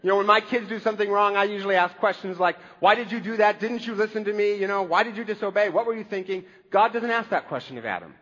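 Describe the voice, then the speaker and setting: A man's voice: sits high, fast, few pauses, a bit bright, big-room sound, muffled recording. A man preaching a conversational sermon as a pastor, with wry humor.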